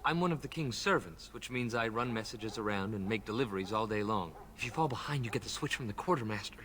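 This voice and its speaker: A timid young elf servant in a fantasy video game, nervous and stammering. He rushes his words anxiously. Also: lowish voice, lively intonation, a bit bright.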